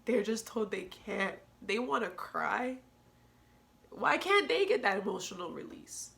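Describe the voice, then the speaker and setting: Young female podcast host, bright tone, earnest and preachy, laughs a lot. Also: fairly high pitch, very animated, a little slow, gravelly. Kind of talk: candid solo podcast talk.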